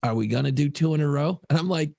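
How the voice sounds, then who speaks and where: A man's voice: fairly high pitch, fast talker, vocal fry, a little mellow, no room sound. A middle-aged man co-hosting a casual podcast, telling loose, profane stories. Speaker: podcast co-host.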